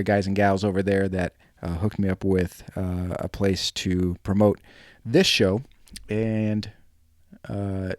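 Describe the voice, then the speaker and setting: A man's voice: on the low side, a little mellow, no echo, clean studio sound. A man from New England hosting a solo podcast, chatting in a rambling way with lots of fillers. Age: adult, married ten years. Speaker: podcast host. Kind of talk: casual solo podcast chat.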